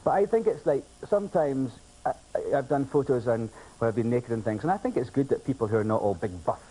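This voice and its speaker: A man's voice: mid-range voice, lively intonation, a little fast, warm tone, slightly rough, low-quality recording. A man guesting on a talk show, telling cheeky anecdotes with lots of giggling. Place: television studio.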